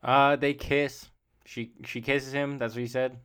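A man's voice: medium pitch, little pitch movement, a little slow, fairly bright tone, clean tone. A young man co-hosting a podcast, recapping a movie plot with dry wisecracks. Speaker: podcast co-host. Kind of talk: casual movie-recap chat.

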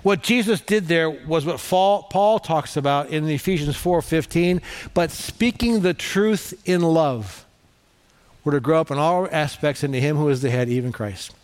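Male pastor, middle-aged, sermon, casual storytelling, fairly high voice. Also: moderate pace. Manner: conversational, animated storytelling with acted quotes.

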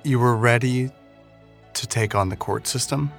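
A man's voice: mid-range voice, moderate pace, vocal fry. Man asking questions over faint music. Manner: building questions in a repeated pattern. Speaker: interviewer. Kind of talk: interview questions.

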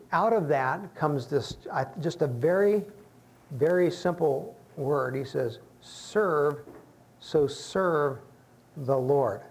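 A man's voice: mid-range voice, slight background noise. A man preaching a conversational sermon as pastor to his congregation, acting out the voices of people he quotes. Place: church sanctuary with congregation.

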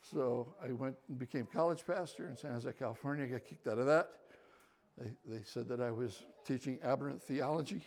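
An older man giving a personal storytelling talk as a guest speaker, lively and shifting between quiet asides and loud animated bursts. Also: medium pitch, a little fast.

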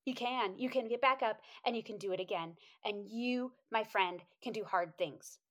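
A woman telling a motivational story in a casual, animated way, quoting herself in high voices and laughing often. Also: moderate pace. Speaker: inspirational speaker.

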